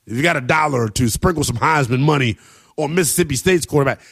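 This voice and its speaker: A man's voice: high-pitched, lively intonation, a little fast, fairly bright tone. A man hosting a late-night college football radio show, brash and joking as he runs through scores and takes. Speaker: radio sports host. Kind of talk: sports talk radio. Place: radio studio.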